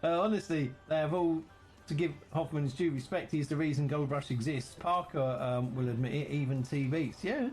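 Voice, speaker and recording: A man's voice: on the high side, normal speed, a little mellow, soft background music. A man chatting casually and teasingly with viewers while streaming a farming game.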